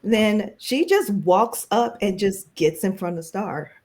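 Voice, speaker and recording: A woman's voice: medium pitch, slow, darkish tone. A woman playing in a live tabletop game, describing her character in a chatty way and laughing often. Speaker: player. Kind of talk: casual role-play as a player.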